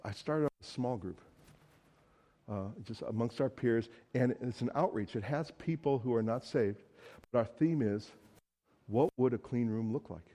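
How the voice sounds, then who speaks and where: A teenage son, as a preacher puts him on rambles through earnest excuses. The voice is mellow and low-key, a touch below the man's usual pitch. It sounds like an everyday voice, not a broad caricature. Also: expressive, normal speed, close to an everyday voice. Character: teenage boy boasting of church work.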